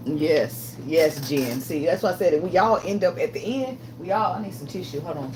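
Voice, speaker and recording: A woman's voice: on the low side, animated, fairly quick, few pauses, noisy background. A woman doing a casual tarot reading vlog, talking bluntly with lots of swearing, getting emotional and laughing often. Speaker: tarot reader.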